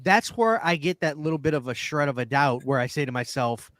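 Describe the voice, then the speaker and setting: A man hosting a casual podcast, telling stories in an animated way, laughing often and repeating words as he builds up to the punchline. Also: mid-range voice, brisk, no echo. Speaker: podcast host. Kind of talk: casual chat. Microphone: studio microphone.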